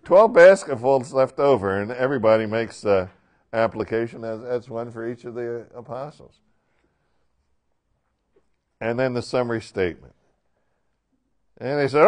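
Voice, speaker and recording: A man's voice: mid-range voice, moderate pace. A man teaching a Bible class in a conversational way, asking the listeners questions and acting out the quotes. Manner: animated, asks the class questions, acts out quotes.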